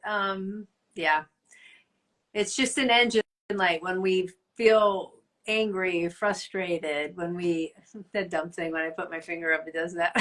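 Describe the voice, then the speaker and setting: Middle-aged woman, podcast co-host; earnest, encouraging, quick to laugh. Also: on the low side, fairly bright tone. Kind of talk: casual faith chat.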